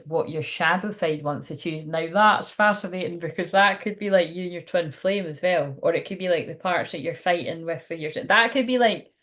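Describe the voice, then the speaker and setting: A woman's voice: fairly low pitch, fairly bright tone. A woman doing a live card reading for her viewers. She rambles and thinks aloud in a chatty, informal way. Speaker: tarot card reader.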